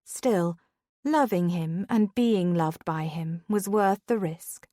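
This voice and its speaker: Mellow woman narrating a romance. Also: on the low side, slow, dry recording, clean studio sound. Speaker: audiobook narrator. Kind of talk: scripted narration.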